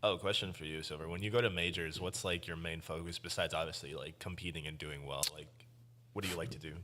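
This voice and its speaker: A man's voice: deep voice, steady tone, fast talker, sharp tone, a little hiss or hum. A man chatting casually on a gamer podcast, often laughing as he tells stories.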